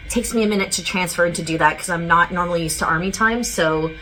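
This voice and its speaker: Woman, psychic reader host, lowish voice, chatty and digressive, faint music bed. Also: quick pace, pushed and bright, rough recording. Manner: chatty and rambling, many filler words and side notes. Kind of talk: casual spoken psychic reading to viewers.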